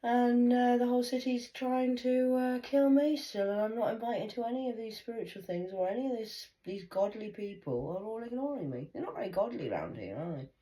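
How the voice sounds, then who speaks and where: A woman's voice: on the high side, expressive, brisk, few pauses, mellow. A woman vlogger talking in a blunt, rambling monologue full of swearing while she smokes.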